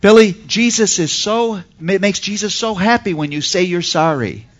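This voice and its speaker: An exasperated mother scolds and pleads with her little boy, as a man puts her on in a raised voice. Her voice swings widely in pitch and sits a little high. The recording is slightly dull and lo-fi. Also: expressive, normal speed. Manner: pleading and insistent.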